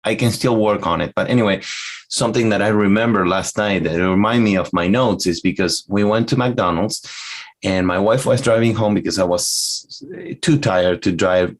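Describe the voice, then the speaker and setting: Argentine Spanish accent, native Spanish speaker, man, lowish voice, earnest halting chat. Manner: earnest, halting, many restarts. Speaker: podcast co-host. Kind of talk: casual chat.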